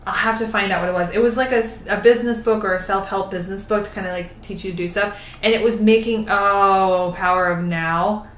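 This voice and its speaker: A young woman co-hosting a podcast in casual chat, animated, swearing freely and laughing often. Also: medium pitch, fairly quick, reverberant, slight background noise. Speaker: podcast co-host.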